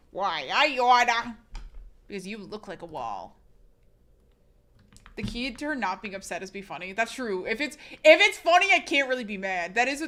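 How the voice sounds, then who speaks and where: A woman's voice: medium pitch, fairly bright tone. A woman streamer, sick, talking frankly and casually straight to her live chat.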